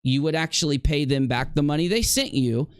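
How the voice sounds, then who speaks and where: A man's voice: on the high side, lively intonation, fairly quick, clear, resonant tone, no room sound, studio quality. A man streamer in a heated livestream rant, confrontationally addressing a rival directly.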